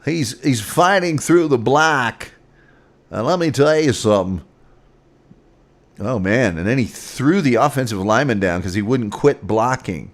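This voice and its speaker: A man's voice: medium pitch, animated, measured pace. A man hosting a casual sports show, rambling through scores with sarcastic asides. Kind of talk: casual sports commentary and rants.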